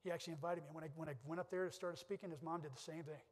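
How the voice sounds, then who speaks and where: A man's voice: fairly high pitch, fairly even intonation, racing. A middle-aged man giving a keynote speech at a conference, telling personal stories in an earnest way with many restarts. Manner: earnest storytelling with repeated restarts. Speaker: keynote speaker. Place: conference hall. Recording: long hall reverb.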